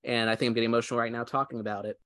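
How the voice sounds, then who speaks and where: A man's voice: medium pitch, flat delivery, racing, a bit bright, no echo, studio quality. A man co-hosting a podcast, chatting casually in a rambling, heartfelt way with many fillers. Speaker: podcast co-host. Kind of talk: casual chat.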